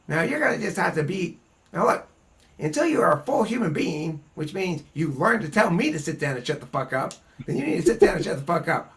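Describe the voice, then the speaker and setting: A man hosting a casual group discussion, talking bluntly and profanely in an animated, ranting way. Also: a little high. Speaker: host.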